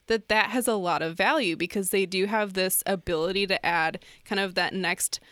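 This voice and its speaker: A woman's voice: mid-range voice, moderate pace, a bit bright, no echo, studio quality. A woman co-hosting a casual home-design chat, agreeable and matter-of-fact. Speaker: podcast co-host.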